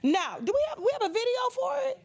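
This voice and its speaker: A high-pitched woman talking through celebrity gossip on a livestream, her voice swinging wildly up and down. She is dramatic and theatrical, slipping into other people's voices as she retells conversations. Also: big pitch swings, fast. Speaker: gossip commentator.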